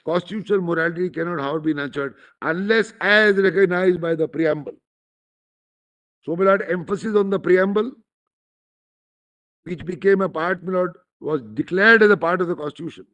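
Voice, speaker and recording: High-voiced Indian man arguing in court. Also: a little fast, a bit bright. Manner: formal and deferential, keeps addressing the judges, emphatic. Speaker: lawyer arguing before a bench. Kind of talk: formal courtroom argument. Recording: dull lo-fi courtroom recording.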